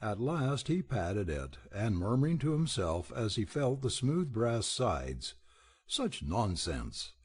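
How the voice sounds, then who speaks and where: A man narrating a children's folk tale with expressive storytelling. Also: medium pitch, a little slow, few pauses, slightly rough. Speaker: audiobook reader.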